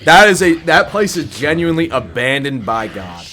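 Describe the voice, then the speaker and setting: A man's voice: medium pitch, big pitch swings, moderate pace, pushed and bright. A young man with a stuffed-up, scratchy voice, a gaming YouTuber talking bluntly and profanely in a casual rant before a game build guide. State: congested, scratchy voice.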